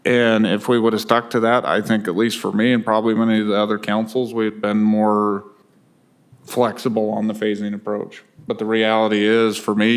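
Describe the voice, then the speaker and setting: A man's voice: fairly low pitch, clear, resonant tone. A man speaking as a city council member, starting hesitantly and then stating his position firmly. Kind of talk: council deliberation. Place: council chamber.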